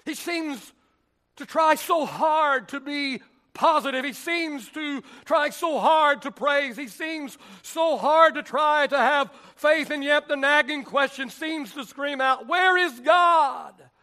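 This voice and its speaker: A male pastor preaching a sermon in a church, reading scripture and praying in a deliberate, emphatic way that swells at times into shouts. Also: very high voice, expressive. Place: church sanctuary.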